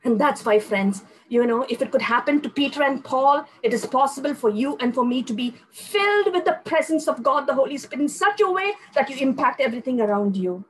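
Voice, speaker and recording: A woman's voice: high-pitched, lively intonation, a little fast, hardly any pauses, slight background noise, rough recording. An older woman, preaching a fervent testimony sermon and telling stories to her listeners. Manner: fervent, storytelling, addresses listeners as friends.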